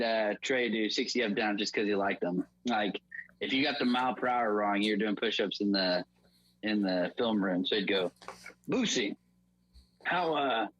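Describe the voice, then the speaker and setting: Young guy, kinda husky voice, telling old team stories, does the coach's voice. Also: no echo, highs cut off. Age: young adult. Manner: animated, acts out coach's lines in a high voice. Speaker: podcast guest, former football walk-on. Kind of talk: casual storytelling.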